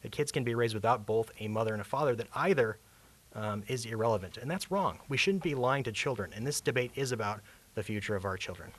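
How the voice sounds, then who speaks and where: A man speaking as executive director of an advocacy group at a press conference, firm and emphatic, building to forceful points. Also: medium pitch, lively intonation, fast.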